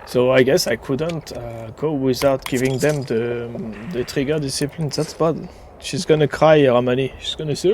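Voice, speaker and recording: A man streaming a video game, with rambling, soft-spoken casual commentary. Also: mid-range voice, moderate pace, a little hiss or hum.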